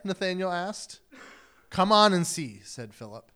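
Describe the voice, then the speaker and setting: Animated, conversational male preacher. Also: sits high, unhurried, smooth. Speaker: pastor. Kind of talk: sermon.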